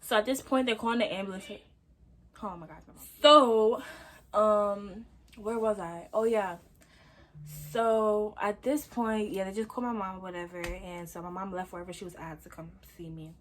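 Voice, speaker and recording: A young adult woman telling a personal story in a casual, lively vlog style, with lots of fillers. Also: medium pitch, moderate pace, slight background noise. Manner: lively, chatty, full of fillers. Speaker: vlogger.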